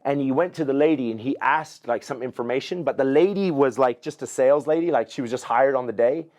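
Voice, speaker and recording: A man's voice: mid-range voice, quick pace. A middle-aged man, a podcast guest, telling a long story in casual chat, swearing freely and acting out what other people said. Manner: animated, profane, acts out other people's lines.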